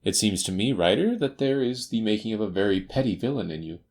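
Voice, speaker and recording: A man doing Sherlock Holmes, crisp and assured. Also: on the low side, sing-song, quick pace, darkish tone. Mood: stern. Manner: crisp, assured, faintly teasing. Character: brisk, confident male detective. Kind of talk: audiobook character voice.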